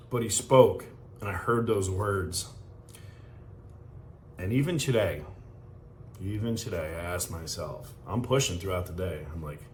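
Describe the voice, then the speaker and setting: A man's voice: sits low, a little slow, long pauses, slight background noise. A man hosting a podcast, delivering a fervent, emotional motivational monologue. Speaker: podcast host. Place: hotel room.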